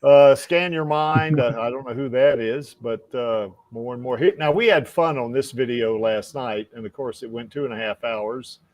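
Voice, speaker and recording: A man's voice: mid-range voice, normal speed, hardly any pauses. A man hosting a casual livestream podcast, rambling with lots of fillers and frequent laughs. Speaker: podcast host.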